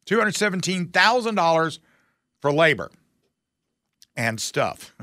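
A man's voice: on the high side, big pitch swings, slow pace, bright, forceful tone, no echo. A man hosting a talk show, giving casual political commentary in a sarcastic, folksy, mocking way.

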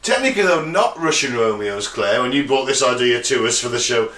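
A man's voice: mid-range voice, animated, brisk, pushed and bright, roomy sound, distant mic. A man hosting a podcast, bantering casually, rambling, laughing and swearing freely. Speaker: podcast host.

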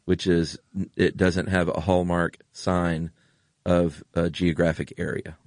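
A man's voice: sits low, little pitch movement, takes it slowly, dry recording, clean studio sound. A man co-hosting a podcast in casual chat, enthusiastic and rambling. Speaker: podcast co-host.

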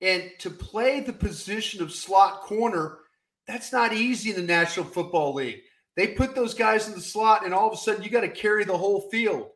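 A man's voice: sits high, brisk, fairly bright tone. A man co-hosting a casual sports talk show, emphatic and folksy, often saying "I'll tell you what". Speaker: co-host. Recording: roomy echo.

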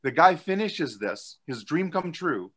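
A man's voice: fairly high pitch, very animated, a little slow, a bit bright, husky. A man hosting a casual chat, talking eagerly and profanely with many fillers. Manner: enthusiastic, profane, rambling with fillers. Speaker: podcast host.

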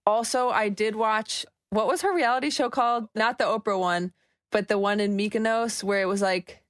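A woman's voice: mid-range voice, moderate pace, dry recording. Opinionated woman podcast co-host, sarcastic asides, dry close-miked sound. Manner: snarky, opinionated, rambling asides. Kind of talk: casual gossip chat.

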